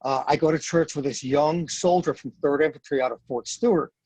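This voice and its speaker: A husky, slightly high-pitched man in his fifties tells a story in a podcast interview. He is blunt and earnest and hammers points home by repeating them. His voice sits close and dry, with no room echo. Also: fairly quick, a little mellow. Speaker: podcast guest, retired Marine sergeant major.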